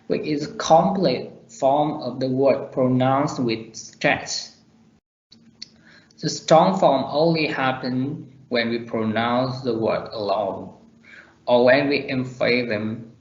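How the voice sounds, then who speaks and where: A man reading a class presentation on weak and strong word forms, slowly and deliberately. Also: medium pitch. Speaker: student presenter. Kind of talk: reading a pronunciation lesson. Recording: roomy, dull lo-fi recording.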